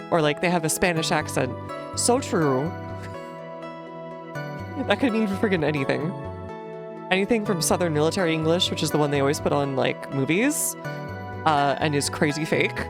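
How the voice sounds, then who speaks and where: Brief: low, gravelly-voiced woman streamer from New Jersey, chatty and rambling over game music. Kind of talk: casual gaming commentary.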